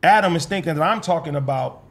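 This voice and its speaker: A man hosting a casual podcast, loud and joking, with lots of profanity. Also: a little high, quick pace. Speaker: podcast host. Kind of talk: casual comedic podcast banter.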